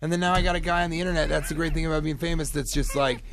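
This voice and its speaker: A man with a raspy, fry-heavy voice that sits a bit high tells loose, self-mocking stories on the radio. He laughs easily between lines. A faint hiss runs under the studio mic. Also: steady tone, racing, fairly bright tone. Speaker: guest comedian. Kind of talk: casual radio chat.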